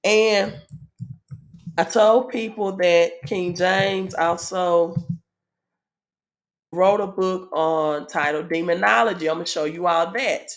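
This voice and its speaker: Speaking slowly and pausing often, a woman with a lowish voice and a Southern US accent leads a casual spiritual teaching. She uses frequent "um" fillers and keeps asking her audience "right?"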